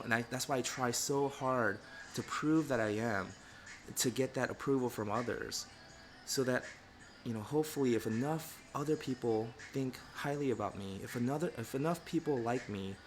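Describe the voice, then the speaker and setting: A man's voice: mid-range voice, a bit bright, slight background noise. A middle-aged man talking candidly and reflectively in a casual livestream, with lots of "you know" fillers. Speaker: pet groomer and channel host.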